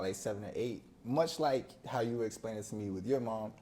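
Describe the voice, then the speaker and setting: A young man, a podcast guest, telling stories from his childhood in a casual, animated way, acting out other people's voices and laughing often. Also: fairly low pitch, brisk, a little hiss or hum. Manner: animated storyteller who acts out friends' voices. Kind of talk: casual storytelling interview.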